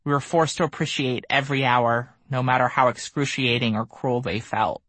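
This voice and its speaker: A man reading his own memoir aloud as an audiobook, measured and somber. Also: mid-range voice, steady tone, a bit bright, no echo. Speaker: memoir narrator. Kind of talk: audiobook narration.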